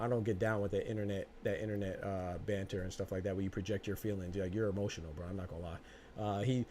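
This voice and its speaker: A man's voice: fairly low pitch, a little mellow, a little hiss or hum. A man hosting a live-stream podcast and answering his chat. He talks in combative rebuttals, with stammering restarts and lots of repetition. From United States. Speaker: podcast host.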